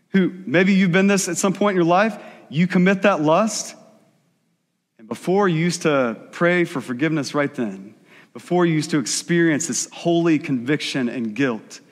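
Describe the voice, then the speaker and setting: A male pastor preaching a sermon in a conversational style, acting out quick asides in the voices of the people he describes. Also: fairly high pitch, big-room sound.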